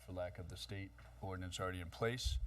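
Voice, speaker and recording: A man speaking at a town council meeting, halting and hesitant. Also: low voice, steady tone, no room sound. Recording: distant dry mic.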